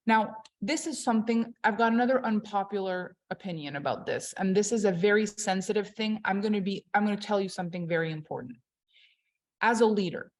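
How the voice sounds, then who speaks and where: Her voice sits at medium pitch as she delivers a motivational talk on leadership coaching. The woman is emphatic yet conversational, moving back and forth between loud and quiet.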